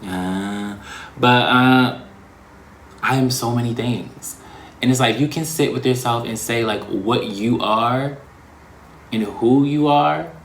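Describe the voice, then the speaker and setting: A man hosting his own vlog, talking in a casual, reflective way, slangy and expressive. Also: medium pitch, vocal fry, reverberant, slight background noise. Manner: slangy and expressive, breaking into laughs. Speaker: vlog host.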